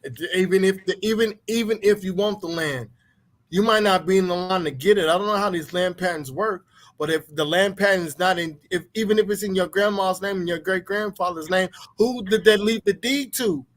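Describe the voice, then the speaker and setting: High-voiced animated man telling stories. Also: brisk. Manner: animated storytelling, mimics others in high voice; profane, blunt. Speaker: podcast co-host. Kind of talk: casual chat.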